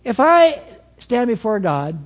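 A man preaching a sermon as pastor, telling stories with an animated delivery that swings between soft asides and emphatic points. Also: very high voice, takes it slowly, long reverb tail.

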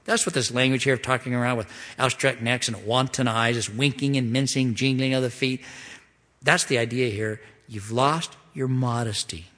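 A man at the pulpit preaching through a passage of scripture, his middle-pitched voice carrying a long hall reverb. He pleads and presses hard on his questions, then sinks to hushed, low asides. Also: steady tone, normal speed. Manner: pleading, emphatic, swings from loud rises to hushed drops. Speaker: pastor. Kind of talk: expository sermon.

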